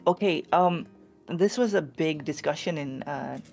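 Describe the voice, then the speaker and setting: Swedish woman w lower voice just chatting, kinda relaxed, little music in the back. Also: unhurried, creaky. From Sweden. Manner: relaxed, thoughtful, uses fillers. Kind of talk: casual chat.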